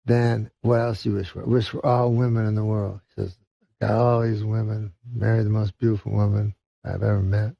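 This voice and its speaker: A comedian from Canada telling a long rambling joke in a halting deadpan way, full of "uh" and "you know". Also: male voice, lowish voice, creaky, no echo. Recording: dull lo-fi sound.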